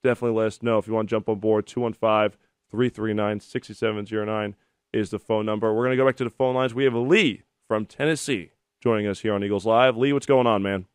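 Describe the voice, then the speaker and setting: A man in his thirties with a lowish voice talks fast as he hosts a sports call-in radio show, filling gaps between callers with chatty, animated anecdotes. His tone is clean, and the studio-microphone recording is studio quality with no room sound.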